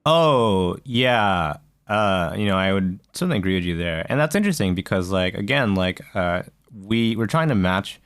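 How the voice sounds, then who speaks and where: A man's voice: deep voice, expressive, normal speed, hardly any pauses, a bit bright, clean tone, no echo, studio quality. A man co-hosting a gaming podcast, talking casually and thoughtfully, asking questions with fillers. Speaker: podcast co-host. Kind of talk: casual chat.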